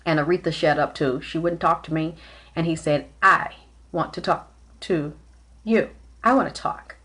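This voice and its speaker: A woman's voice: low voice, fairly bright tone, slightly rough. Rambling woman talking to viewers. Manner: rambling, halting, many fillers and restarts; greets viewers mid-speech. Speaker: spiritual medium host. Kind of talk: casual livestream talk.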